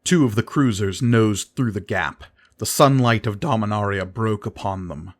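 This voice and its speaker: A man reading a fantasy novel aloud, his voice on the low side. The reading is measured and dramatic, letting each image land. It is scripted audiobook narration.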